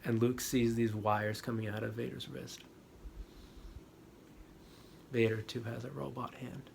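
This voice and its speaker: Spiritual teacher guy retelling a movie scene, gets loud then hushed, gravelly low voice, noisy background. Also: moderate pace. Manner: animated, dramatic retelling that swings from loud to hushed. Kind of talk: storytelling talk on spirituality. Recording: steady background noise.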